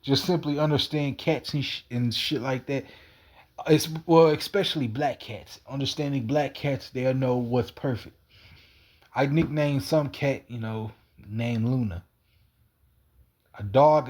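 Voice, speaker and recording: A man's voice: medium pitch, a little mellow. A man in a rambling, wandering monologue, repeating himself and swearing casually. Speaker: cat feeder.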